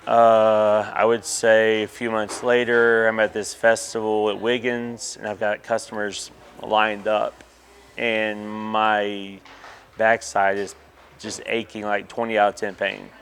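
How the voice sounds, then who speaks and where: A man's voice: lowish voice, monotone, slow, fairly bright tone, slight background noise. A man, candidly telling a personal story in an interview, with many fillers. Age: 30s.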